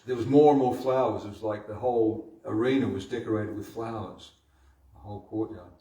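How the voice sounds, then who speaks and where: A man leading a devotional scripture class, retelling the story with halting repeats and restarts. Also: lowish voice, a little mellow. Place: temple hall. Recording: roomy hall from far off.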